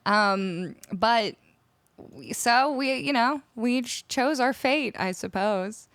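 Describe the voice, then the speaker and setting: A woman's voice: mid-range voice, takes it slowly, a bit bright, dry recording. A woman from Canada, streaming and chatting casually with her live viewers, laughing often as she muses over how words are said. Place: home streaming room. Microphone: studio microphone up close.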